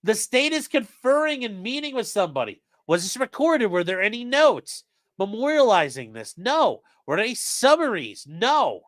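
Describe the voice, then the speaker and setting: Brief: male streamer, lively, a bit high-pitched, swears freely, dry close sound. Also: normal speed, dry recording. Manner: profane, animated, reads quotes in shifting voices. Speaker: legal commentary streamer. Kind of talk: casual live-stream commentary reading a transcript.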